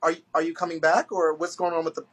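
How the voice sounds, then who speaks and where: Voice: mid-range voice, flat delivery, quick pace, a bit bright. A host on a live stream asking casual questions and pressing by repeating them.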